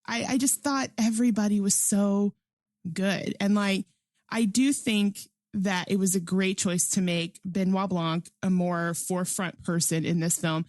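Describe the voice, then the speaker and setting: A woman's voice: medium pitch, steady tone, unhurried, a little mellow, no room sound. A woman co-hosting a podcast, chatting enthusiastically in a casual movie review, full of "like" and frequent laughs. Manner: enthusiastic, chatty, heavy use of "like"; laughs often while talking. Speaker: podcast co-host.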